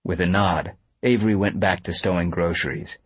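Male narrator, low and even, husky, dry studio read. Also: moderate pace, no room sound. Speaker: audiobook narrator. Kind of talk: scripted narration.

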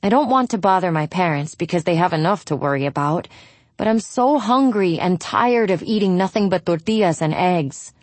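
A woman narrating a first-person story in a steady, frank manner with a wry edge. Her voice sits on the low side. The studio recording is dry and close, with no room sound. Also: moderate pace, dry recording.

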